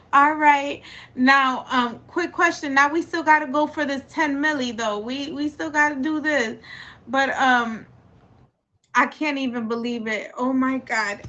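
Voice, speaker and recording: An effusive woman hosting a livestream chat, her voice bright and a touch high. She lingers over her words at an unhurried pace, gushing warmly to viewers and guest. The stream audio sounds a little dull and lo-fi. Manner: excitable, emotional, effusive. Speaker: livestream talk show host.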